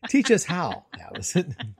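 A man's voice: a little high, wildly swooping pitch, measured pace, vocal fry. A man discussing language teaching, stumbling over his words and repeating himself, with joking asides. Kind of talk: conversational discussion about teaching.

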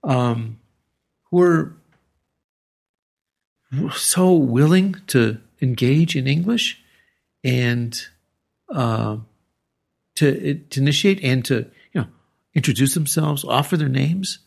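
Older man, retired teacher, gravelly voice, halting restarts, casual interview storytelling. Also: mid-range voice, darkish tone. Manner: rambling, halting anecdotes with many restarts.

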